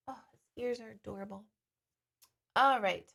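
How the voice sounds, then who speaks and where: A woman's voice: fairly high pitch, expressive, moderate pace, gravelly, a bit bright. A woman hosting a live-stream question and answer session as a psychic medium, chatting casually and reading viewer comments aloud.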